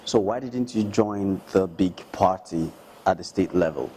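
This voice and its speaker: Interviewer guy, lowish mellow voice, long rambling questions, bit of noise behind. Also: a little slow, rough recording. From Nigeria.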